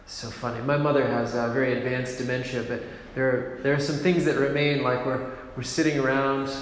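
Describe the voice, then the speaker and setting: Gentle priest preaching in an echoing hall. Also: male voice, medium pitch, little pitch movement. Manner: gentle and reflective, unhurried, with soft laughs. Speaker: priest in a monastic order. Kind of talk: sermon. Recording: very echoey hall with long reverb, faint room noise.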